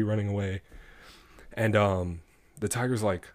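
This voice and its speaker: A man co-hosting a podcast, chatting casually and telling a fable with a moral in a relaxed way. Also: lowish voice, normal speed, no room sound, studio quality. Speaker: podcast co-host. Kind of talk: casual chat, storytelling.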